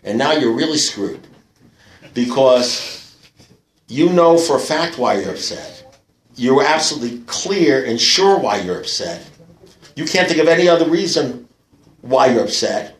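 A man's voice: medium pitch, expressive, a little slow, pauses often. Rambling, profane man in a roomy hall. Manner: rambling, full of "you know" fillers; blunt and profane, with wry humour. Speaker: speaker at a recovery meeting. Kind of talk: storytelling talk to a live audience. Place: meeting room with an audience.

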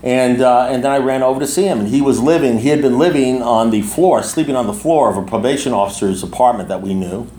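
A man's voice: mid-range voice, quick pace, hardly any pauses, warm tone, echoey room, slight background noise. A man in his sixties speaking to a recovery group, telling a long personal story in a rambling way with many restarts and asides. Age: 60s.

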